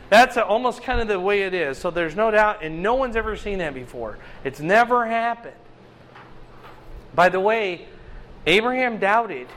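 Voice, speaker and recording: A man's voice: high voice, fairly bright tone, a little hiss or hum. A man leading a bible study in a chatty, conversational way, asking the group questions.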